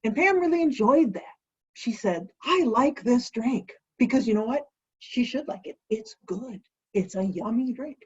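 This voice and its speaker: A woman's voice: a little high, expressive, normal speed, darkish tone, husky, muffled recording. A woman hosting a home cocktail vlog, chatty and playful, asking and answering her own questions. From United States. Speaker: host of a home cocktail show.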